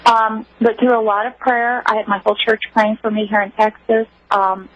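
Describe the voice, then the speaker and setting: Brief: earnest, emotional woman storyteller, higher voice, muffled lo-fi phone line. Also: level tone, moderate pace. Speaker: interview guest. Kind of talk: personal account on a radio call-in show.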